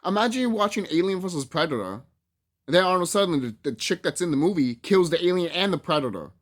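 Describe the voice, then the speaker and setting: A man's voice: high-pitched, expressive, fast talker. A man casually ranting to his viewers, swearing freely, laughing often and repeating himself for emphasis. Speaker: YouTube movie commentator. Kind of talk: casual rant to camera.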